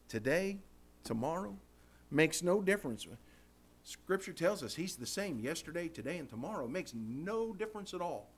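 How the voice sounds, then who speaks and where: A Baptist preacher leads an informal Bible study in a folksy, animated style, often saying "man, I tell you what." His voice sits at a medium pitch.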